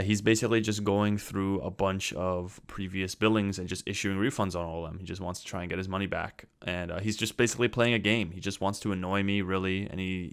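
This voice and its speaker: A man's voice: low-pitched, clear, resonant tone, dry recording. A young man vlogging, telling a story in an exasperated, ranting way. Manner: exasperated, ranting, swears when quoting himself. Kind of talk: casual storytelling to camera.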